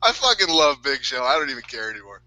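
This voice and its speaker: A man's voice: mid-range voice, very animated, fast talker, bright, forceful tone, dry recording, rough recording. A man co-hosting a casual podcast, retelling a story while breaking into wheezing laughter and swearing freely. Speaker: podcast co-host.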